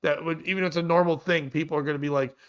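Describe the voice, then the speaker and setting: Racing along in a smooth, fairly high-pitched voice with fairly even intonation, a man hosts a comedy podcast full of rambling, profane rants. It's casual comedic chat, recorded with dull lo-fi sound.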